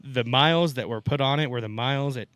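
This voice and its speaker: A man with a bright, forceful voice tells a long work story in casual podcast chat. He rambles, swears freely and breaks into laughter at his own tale. His voice sits in a middle range and sounds dry and close, with no room around it. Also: medium pitch, quick pace, no room sound.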